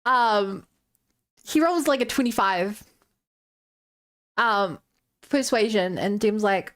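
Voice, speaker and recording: A woman's voice: mid-range voice, takes it slowly, pauses often, a bit bright. A woman streamer casually retelling a tabletop game session, chatty and loose with lots of filler words.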